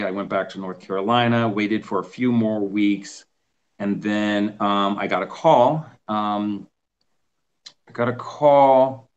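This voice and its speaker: A middle-aged man with a lowish voice tells a long story as an interview guest. He is animated and jumps into quoted voices as he goes, in a relaxed, chatty way. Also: muffled recording. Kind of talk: casual storytelling.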